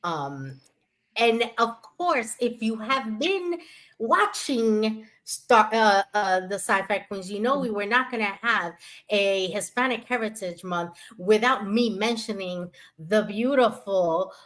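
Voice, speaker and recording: A woman's voice: medium pitch, lively intonation, slow pace, fairly bright tone. A woman co-hosting a casual podcast chat, talking with gushing enthusiasm and many fillers. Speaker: podcast co-host.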